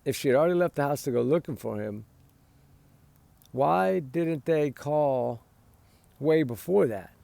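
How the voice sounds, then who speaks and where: Tired gravelly-voiced man musing. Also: medium pitch, dark tone, dry recording. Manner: rambling, repeats "right?", sighs and yawns. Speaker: commentator on a missing-child case. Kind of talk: casual opinion talk.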